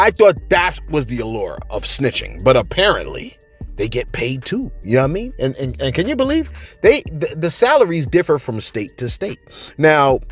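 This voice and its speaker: A man hosting a casual celebrity news commentary, animated and exclaiming, full of fillers such as "you know what I mean" and "man". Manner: animated, exclaiming, laughing, swings from low mumbles to high exclamations; fillers and repeated phrases like 'you know what I mean' and 'man'. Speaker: celebrity news channel host. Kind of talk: casual commentary reading viewer shout-outs.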